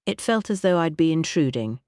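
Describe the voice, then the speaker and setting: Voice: mid-range voice, expressive, brisk, a little mellow, no room sound, studio quality, close to an everyday voice. A narrator voicing an earnest, tetchy inspector. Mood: regretful. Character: earnest, tetchy police inspector, secretly romantic. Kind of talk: audiobook character reading.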